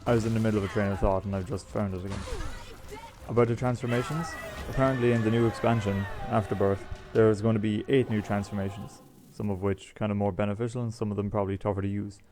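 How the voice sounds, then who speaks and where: A gaming YouTuber, a man, chats casually through a let's-play, rambling as he explains the items. He talks fast with a lowish voice and a steady tone, with music playing in the background.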